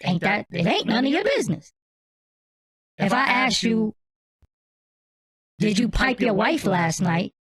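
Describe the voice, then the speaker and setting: Man using a voice changer, pitched-up brash voice, blunt, profane, defiant. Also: very animated, a little slow, long pauses, fairly bright tone, no echo, full character voice. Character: his own voice pitched up high, same brash man.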